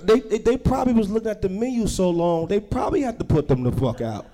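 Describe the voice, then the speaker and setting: A young man doing a stand-up comedy set, telling stories loudly and acting out the characters he describes. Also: sits high, fast talker. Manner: loud animated storytelling, acting out characters.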